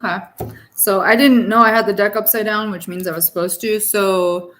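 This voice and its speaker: A woman's voice: medium pitch, fairly even intonation, normal speed, a bit bright, faint music behind. A young adult woman giving a casual tarot reading, talking in a blunt, profane, tough-love way. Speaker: tarot reader.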